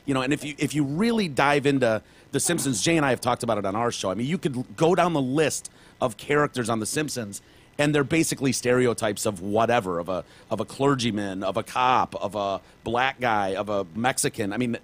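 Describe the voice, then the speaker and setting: A man hosts a podcast interview at an ordinary pitch. He asks his questions in a loose, easygoing way. His speech is full of casual fillers. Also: a little fast. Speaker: podcast host.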